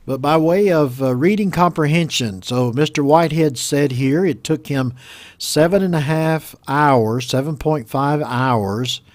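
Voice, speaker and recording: A man with an American accent teaching English pronunciation, reading a news story aloud and explaining words slowly and patiently. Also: on the high side, no echo. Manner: slow, patient, repeats words for learners.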